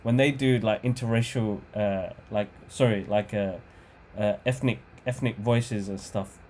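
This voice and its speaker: A man's voice: on the low side, unhurried, slight background noise. A man co-hosting a podcast, rambling casually about old cartoons and calling his brother "bro". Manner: relaxed, rambling, says "bro" a lot, self-correcting. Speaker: podcast co-host. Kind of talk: casual chat.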